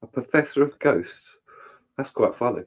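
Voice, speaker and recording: A man's voice: mid-range voice, expressive, normal speed. A man in casual chat, telling rowdy stories with plenty of swearing and laughter.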